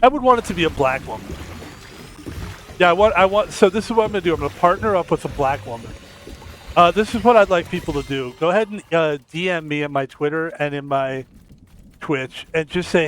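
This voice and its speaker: A man streams a game and talks casually over it, rambling from one crude joke to the next. His voice sits a bit high for a man. He keeps it loose and unscripted. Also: animated, brisk, a bit bright, slight background noise. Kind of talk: casual gameplay commentary.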